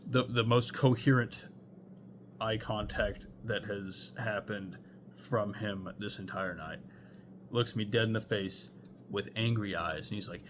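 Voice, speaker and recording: Young guy w a lowish voice rambling thru a crazy story, lots of likes, faint hum behind. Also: takes it slowly. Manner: rambling, heavy on fillers and swearing. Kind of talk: casual storytime monologue.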